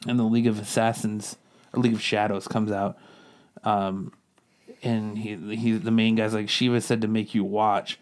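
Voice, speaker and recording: A man's voice: fairly low pitch, little pitch movement, normal speed. A man co-hosting a casual podcast, rambling through a comic plot and tossing in quoted lines as he goes. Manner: rambling recap, quotes characters in passing. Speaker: podcast co-host reviewing comics. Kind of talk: casual chat.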